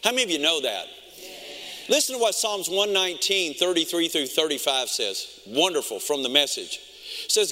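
A middle-aged pastor preaching a sermon, telling stories in an animated way and acting out his own reactions. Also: on the high side, normal speed. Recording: long reverb of a large hall.

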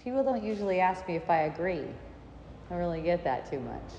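A woman's voice: lowish voice, sing-song, brisk, dark tone, dull audio, a little hiss or hum. A woman telling stories in a casual talk, meandering and often breaking into laughter. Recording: echoey room with long reverb.

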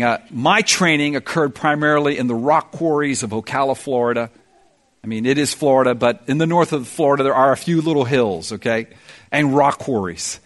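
A male pastor preaching a sermon and leading prayer, telling stories in an animated way and often repeating words as he builds toward a point. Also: on the high side.

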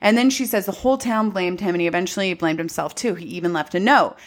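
A woman's voice: fairly low pitch, quick pace. A woman co-hosting a podcast, recapping a movie in casual, sarcastic, profane chat. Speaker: podcast co-host.

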